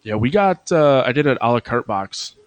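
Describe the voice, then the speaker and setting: A man's voice: medium pitch, animated, moderate pace, slight background noise. A man co-hosting a podcast, laid-back and casually profane. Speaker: podcast co-host. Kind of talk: casual chat.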